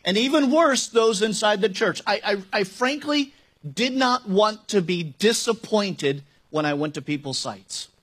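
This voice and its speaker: A pastor with a notably high voice delivers a sermon in a church sanctuary. He talks conversationally but grows emphatic, throwing rhetorical questions to the congregation and slipping in wry jokes. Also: lively intonation, measured pace, a bit bright.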